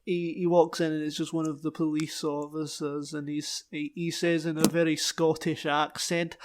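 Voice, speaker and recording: A game master running a tabletop game, playful and crude, with a mid-pitched voice. The narration jumps between scene-setting and quick joking asides. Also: level tone.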